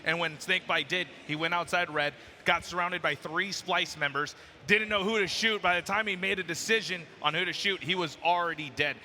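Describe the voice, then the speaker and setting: A man working as an esports analyst, giving an animated play-by-play recap of the match. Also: high-pitched, fairly quick, big-room sound, slight background noise. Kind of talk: analysis desk chat.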